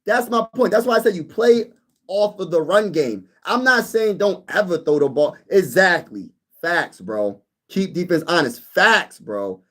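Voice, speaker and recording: A young man hosting a casual sports live stream, reading viewer comments and bantering back with lively energy. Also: high voice, measured pace. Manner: animated, reads chat comments aloud and banters. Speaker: sports YouTube host.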